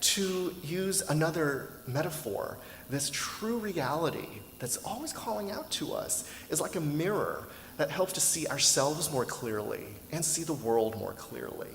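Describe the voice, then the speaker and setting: A man giving a sermon as a minister, telling a story in a conversational, lively way with rhetorical questions. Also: fairly high pitch, unhurried, gravelly, hardly any pauses, a little hiss or hum. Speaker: minister giving a dharma talk. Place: temple hall. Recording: roomy hall echo with faint ambience.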